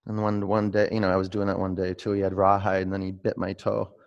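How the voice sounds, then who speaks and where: A man's voice: low voice, monotone, quick pace, vocal fry, muffled recording. A man leading a live-streamed yoga class, giving pose cues between rambling, laughing asides. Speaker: yoga teacher.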